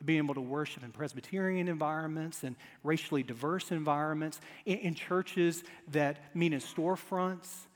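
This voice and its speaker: High-voiced pastor preaching in a reverberant hall. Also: male voice, moderate pace, hardly any pauses. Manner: energetic storytelling with humor, swings from quiet asides to loud emphasis. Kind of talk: sermon. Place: church sanctuary before a congregation. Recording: long reverb of a large church hall.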